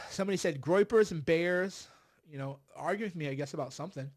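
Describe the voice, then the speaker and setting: A man's voice: a little high, fairly quick, darkish tone. A middle-aged man hosting a political commentary livestream, sarcastic and exasperated, sighing often and mocking people. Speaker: livestream host.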